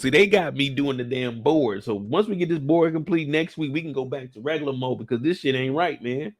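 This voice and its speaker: A man hosting a casual, joking recap of a TV episode, animated and profane. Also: mid-range voice, a little fast, hardly any pauses, no echo, clean studio sound. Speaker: YouTube show recap host. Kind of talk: casual comedic commentary.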